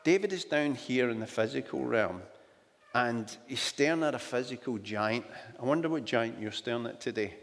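A man's voice: medium pitch, moderate pace. A Scottish man preaching a sermon in a storytelling way, often adding "do you know" asides. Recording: long hall reverb.

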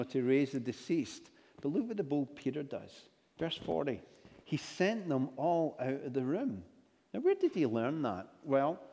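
A man's voice: medium pitch, dark tone. A man preaching a sermon, telling stories and acting out the dialogue with casual asides. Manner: storytelling, acts out dialogue with asides. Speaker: pastor. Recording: long hall reverb.

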